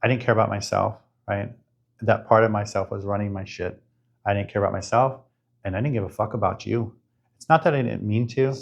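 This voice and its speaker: A man's voice: on the low side, steady tone, brisk, gravelly, muffled recording. A middle-aged man frankly recounting his life in a conversation, reflective and swearing casually. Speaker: guest sharing his life story. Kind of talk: candid conversational storytelling.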